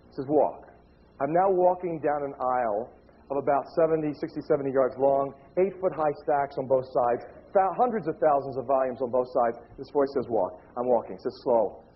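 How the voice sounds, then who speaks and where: A man telling a story in a talk, acting out the people in it with animated, shifting delivery. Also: normal speed. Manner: animated, acts out dialogue with shifting pitch. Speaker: speaker giving a talk. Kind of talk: storytelling lecture. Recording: dull lo-fi recording.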